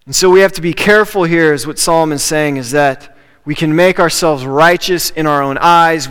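A male pastor with a high, smooth, resonant voice delivers a conversational sermon, driving points home by repeating key phrases. His voice rings out with a long reverb, as in a large hall. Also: fairly even intonation, normal speed, fairly bright tone.

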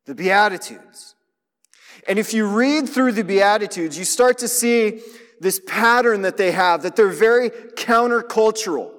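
Pastor, male, high voice, conversational preaching style, hall reverb. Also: a little slow, a bit bright. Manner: conversational preaching, asks listeners to notice. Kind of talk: sermon.

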